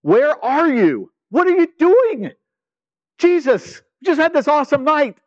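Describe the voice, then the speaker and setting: A man's voice: very high-pitched, sing-song, dry recording, highs cut off, pitched above the performer's own voice, exaggerated voice. Man putting on exasperated nagging disciples. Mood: annoyed, incredulous. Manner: incredulous, nagging rapid questions. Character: exasperated male disciples pestering their leader.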